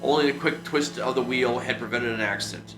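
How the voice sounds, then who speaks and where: A man reading a classic adventure novel aloud for a book club, steady with small restarts. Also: medium pitch, fairly quick, noisy background. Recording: roomy echo with music behind.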